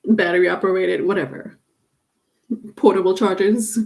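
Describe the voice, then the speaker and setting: A woman's voice: mid-range voice, steady tone, moderate pace, vocal fry, a little mellow. A middle-aged woman talks casually through a tarot livestream from home. Her delivery is chatty and loose. She circles back over her points and laughs often. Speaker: tarot reader.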